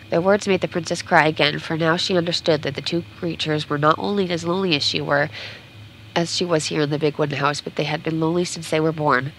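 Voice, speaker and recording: A woman's voice: low-pitched, steady tone, fast talker, a bit bright, a little hiss or hum, low-quality recording. A woman game streamer reading a storybook aloud during a playthrough, sometimes stumbling and correcting herself.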